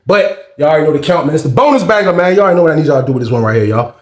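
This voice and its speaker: A man in his thirties recounts a prison story in a loose, profane, storytelling way. His voice sits a little high and swings widely as he acts out the people in the story. The room around him is echoey. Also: very fast. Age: 30s. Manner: animated, swearing, acts out shouts and screams of others. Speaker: storyteller host.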